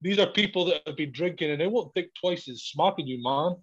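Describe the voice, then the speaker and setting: A man's voice: a little fast, a bit bright, husky. A man telling a story in casual chat, swearing often and laughing as he goes. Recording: dull, low-fidelity recording.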